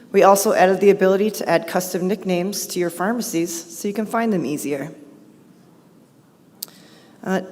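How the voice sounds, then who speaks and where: A woman presenting software updates at a conference, talking fast and upbeat, her voice a little hoarse. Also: on the low side. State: voice going hoarse. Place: large conference hall. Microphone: handheld or podium mic. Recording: reverberant conference hall.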